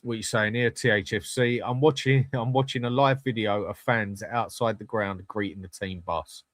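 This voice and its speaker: A man's voice: on the low side, fairly even intonation, normal speed, a bit bright, no room sound. A man hosting a live fan channel, chatting bluntly with viewers and swearing freely. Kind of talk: live-stream chat reading comments.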